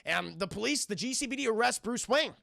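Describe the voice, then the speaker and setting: Recapping a cartoon episode on a live stream, this man talks a little fast in a very high-pitched, gravelly voice, captured in a dry recording with clean studio sound. He is animated and profane, voicing the scenes as he retells them.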